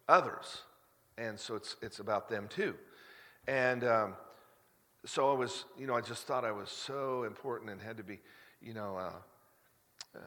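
A man's voice: fairly low pitch, a bit bright. A middle-aged man, a pastor, preaching a sermon in a conversational, confessional way with frequent restarts, rising to emphatic peaks. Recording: long hall reverb.

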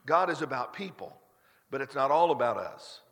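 A man's voice: medium pitch, lively intonation, normal speed, a bit bright. Man preaching in a reverberant hall. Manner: conversational and confessional, many restarts, rising to emphatic peaks. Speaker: pastor. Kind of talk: sermon.

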